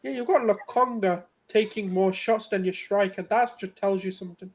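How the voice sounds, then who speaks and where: Female co-host, sweary and sarcastic, loud ranting reactions. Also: mid-range voice, moderate pace. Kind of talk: casual live watchalong chat.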